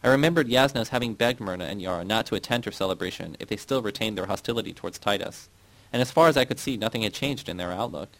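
A man narrating a novel in the first person, reading in a steady, measured way. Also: on the low side, gravelly, low-quality recording. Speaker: audiobook narrator.

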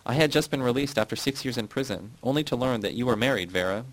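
A man's voice: medium pitch, fast, natural voice, poor audio. A man reading as a sarcastic bitter ex-prisoner. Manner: sarcastic, mocking.

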